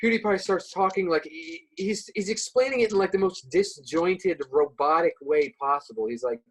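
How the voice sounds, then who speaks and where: A man's voice: sits high, moderate pace, breathy edge, poor audio. A man speaking as a guest on a casual podcast, hesitant, full of "like" and "uh", often restarting his sentences. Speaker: podcast guest, subreddit moderator.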